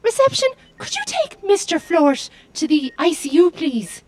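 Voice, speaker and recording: A woman voicing a flustered, deadpan hologram ship doctor in an audio comedy. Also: very high voice, measured pace, exaggerated voice.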